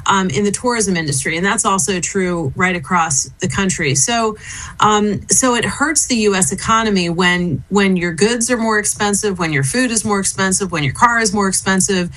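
A woman's voice: mid-range voice, normal speed, fairly bright tone, rough recording. Chatty middle-aged woman, thoughtful guest. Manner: thoughtful, frequent fillers and restarts, light laughter. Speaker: interview guest, former business council head and diplomat. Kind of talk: conversational interview answers.

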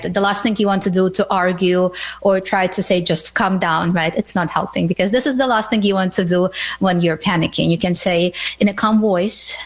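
A woman speaking as a guest expert, answering questions calmly and patiently, often checking in with "right?" and pausing on fillers. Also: on the low side, rough recording. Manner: calm, patient, says "right?" a lot, many fillers. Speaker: mental health guest expert. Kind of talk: explanatory interview answers.

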